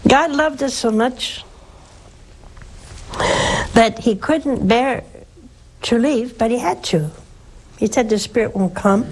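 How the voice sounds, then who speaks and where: An older woman, a nun, preaching and counseling callers on a religious call-in show, slow and emphatic, leaping up in pitch for stress. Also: lively intonation, a little mellow, rough recording.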